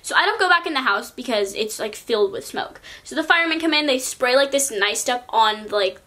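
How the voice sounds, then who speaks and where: Bright-voiced chatty teen girl. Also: on the high side, lively intonation, fairly quick. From California. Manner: chatty, peppers speech with "like". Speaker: vlogger. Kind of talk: casual storytime vlog.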